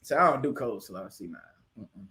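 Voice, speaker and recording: A man's voice: lowish voice, animated, brisk, bright, forceful tone. A man from the casually hosting a livestream, chatting with viewers and answering their comments, often laughing. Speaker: livestream host.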